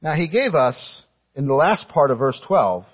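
A man's voice: on the high side, big pitch swings, moderate pace, husky, dull audio. A male pastor preaching a sermon to his congregation, emphatic, posing pointed rhetorical questions and speaking directly to the people in the room.

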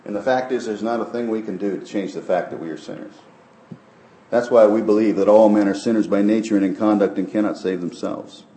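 A male pastor preaching a sermon emphatically, often sinking to soft, low phrases. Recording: echoey room.

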